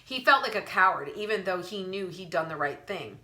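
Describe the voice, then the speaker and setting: A woman reading an audiobook aloud with an expressive storytelling manner. Her voice sits low in pitch but sounds bright and crisp, carrying the narration clearly. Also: fairly quick.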